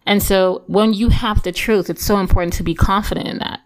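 A woman's voice: mid-range voice, fairly even intonation, a little fast. A woman giving a casual Christian devotional talk, earnest and encouraging, chatty with lots of fillers and restarts. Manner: conversational, full of fillers and restarts. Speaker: Christian teacher.

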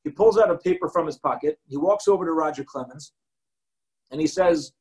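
Man, rabbi type, high voice, lively storytelling lecture with Hebrew and Yiddish terms sprinkled in. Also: brisk, poor audio. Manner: animated storyteller, acts out quotes, mixes in Hebrew and Yiddish terms. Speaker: rabbi giving a Torah talk.

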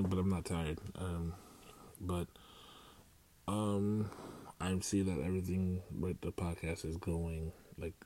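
A man's voice: sits low, mellow. A young man rambling through a casual solo podcast, with many fillers and restarts. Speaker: podcast host.

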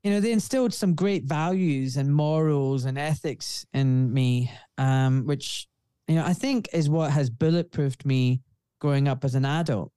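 A man's voice: fairly high pitch, measured pace, dark tone, clean tone, no echo. A man in his forties with a refined Scottish accent, a guest speaking earnestly and outspokenly in a casual interview. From Scotland. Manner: earnest, outspoken, frequent "you know". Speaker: guest, surgeon.

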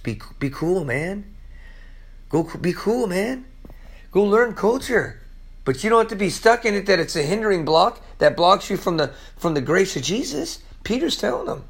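Hoarse, excitable high-voiced preacher man. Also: moderate pace. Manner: excitable and chatty, laughs often, says "man" a lot. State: hoarse from allergies. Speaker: pastor. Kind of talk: casual, energetic sermon.

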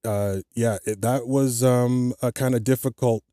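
A man's voice: mid-range voice, fairly even intonation, measured pace, dark tone, dry recording, studio quality. A man hosting a podcast alone, talking casually and rambling with many fillers and restarts. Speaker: podcast host. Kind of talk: casual solo podcast chat.

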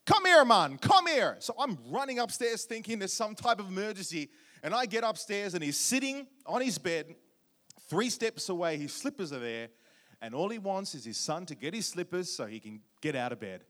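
A man preaching a sermon, warm storytelling with jokes and questions to the congregation. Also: sits high, lively intonation, normal speed. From Australia. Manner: humorous, audience-engaging storytelling. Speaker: guest preacher.

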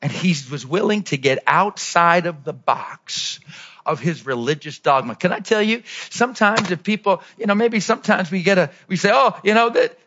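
High, animated preaching man. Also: normal speed, lo-fi sound. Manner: animated, swings from low asides to shouted peaks. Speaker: pastor. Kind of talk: sermon.

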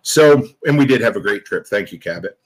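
A husky-voiced man hosts a live stream, recounting stories with a joking, animated delivery. His pitch swings widely as he talks, and his tone stays loose and conversational. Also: a little fast, low-quality recording. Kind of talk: casual chat.

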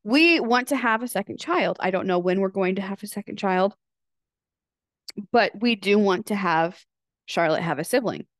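A woman's voice: mid-range voice, expressive, normal speed, no room sound, clean studio sound. A woman in her thirties hosting her own podcast, talking candidly in a chatty confessional way and swearing freely. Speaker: podcast host. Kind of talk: casual confessional podcast monologue.

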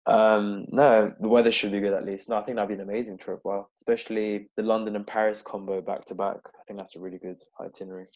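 Casual male podcast host with a deep voice and easygoing, filler-heavy delivery. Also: fast, few pauses. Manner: relaxed, rambling with fillers. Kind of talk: casual interview chat. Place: London-based.

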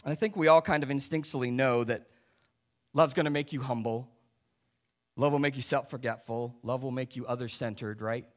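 A male pastor preaching a sermon, asking the congregation rhetorical questions and swinging between loud stressed points and quiet asides. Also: mid-range voice.

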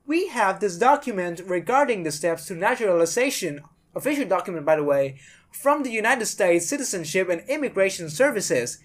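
A woman's voice: medium pitch, expressive, fairly quick. A woman hosting a podcast, giving blunt, sarcastic commentary and swearing freely. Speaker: podcast host.

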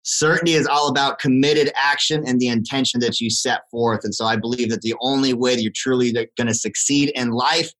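A man who is a fitness instructor, speaking as a guest on a podcast in a measured, earnest way. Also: mid-range voice, fairly even intonation, a bit bright, low-quality recording. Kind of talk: podcast interview talk.

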